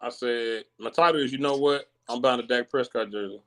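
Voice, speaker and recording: A man's voice: mid-range voice, fairly quick. A man hosting a live stream in casual chat, teasing his chat and laughing often.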